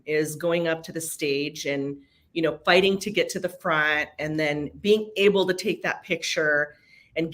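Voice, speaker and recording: A woman co-hosting a casual business chat, telling stories with lively quoted voices. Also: fairly low pitch. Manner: chatty storyteller, animated quoting. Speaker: co-host of a real estate broker talk.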